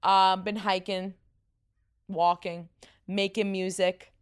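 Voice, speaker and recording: A woman's voice: mid-range voice, little pitch movement, slow, clear, resonant tone. A young woman with a New York accent, hosting a casual podcast, tired and rambling, laughing often. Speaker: podcast host. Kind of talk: casual chat.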